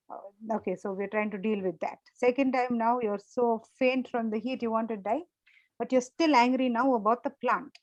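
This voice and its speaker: A woman with a fairly high voice leads a small Bible study group. She talks through the passage conversationally, repeats her points and keeps asking the group whether they follow. The sound is close and dry. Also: moderate pace, a little mellow, no echo, rough recording.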